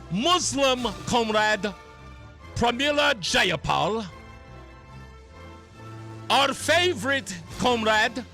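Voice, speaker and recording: Male host doing a slow, high, mocking Russian-accented announcer for a talk radio parody. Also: bright, forceful tone, heavily acted. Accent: put-on Russian accent. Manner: mocking, theatrical, chuckling. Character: mock Soviet announcer man, gloating.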